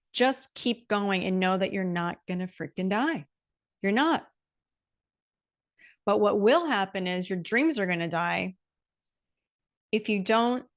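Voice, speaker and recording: Passionate woman hosting a podcast pep talk. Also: medium pitch. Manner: passionate, emphatic, repeats key phrases. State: emotional. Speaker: podcast host.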